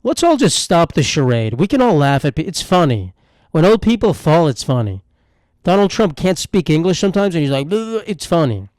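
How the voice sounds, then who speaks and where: A man's voice: on the high side, sing-song, fairly quick, darkish tone, dry recording. Dry-sounding young man riffing irreverently. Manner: rambling, irreverent, self-mocking asides. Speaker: podcast host. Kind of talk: solo comedic podcast monologue.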